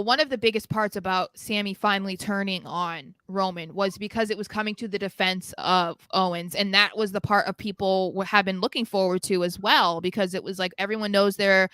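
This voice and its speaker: A young woman co-hosts a casual wrestling podcast, sharing her opinions in a chatty flow full of "um" and "like." Her voice is bright and clear, recorded dry and close to the mic. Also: mid-range voice, no echo. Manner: chatty, opinionated, many fillers. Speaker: podcast co-host.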